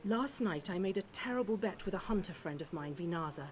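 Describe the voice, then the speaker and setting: A woman playing a hungover high elf chef. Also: animated, a little fast, noisy background, lightly acted. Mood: lamenting. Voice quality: theatrical and self-pitying.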